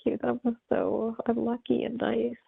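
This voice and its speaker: A woman's voice: on the high side, normal speed, vocal fry, breathy edge, no room sound. A woman speaking as a hypnosis client in trance, emotional and full of wonder. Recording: tinny phone-like call line.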